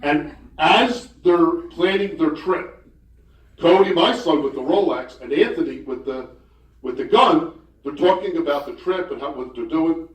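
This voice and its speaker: A man in his sixties doing stand-up storytelling, with chatty, hesitant delivery and deadpan punchlines. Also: fairly high pitch, a little slow. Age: 60s. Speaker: comedian at a banquet. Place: banquet hall. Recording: echoey hall, voice far off.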